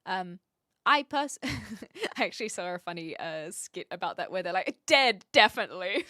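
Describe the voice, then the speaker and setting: A woman's voice: on the low side, lively intonation, moderate pace, sharp tone, dry recording, studio quality. A woman with a light New Zealand accent, chatting casually with her live chat from her home streaming room into a stand mic, giggly and self-mocking. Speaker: Twitch streamer.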